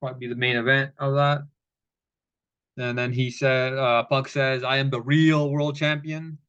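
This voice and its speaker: A man's voice: mid-range voice, flat delivery, normal speed, fairly bright tone, smooth. A man recaps last night's wrestling in a loose, rambling way, swearing freely and laughing at the silly bits. His voice sits mid-range and comes through a dull, lo-fi recording. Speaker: wrestling show reviewer. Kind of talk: casual recap commentary.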